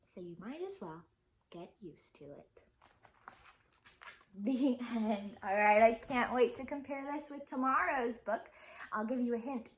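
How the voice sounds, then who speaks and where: A woman teacher reading a children's picture book aloud with dramatic expression. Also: a little high.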